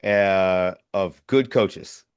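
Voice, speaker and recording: A man's voice: deep voice, extremely slow, clean tone, no room sound. A man co-hosting a sports podcast, talking in a laid-back, hesitant way with lots of fillers. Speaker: podcast co-host. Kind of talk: casual sports chat.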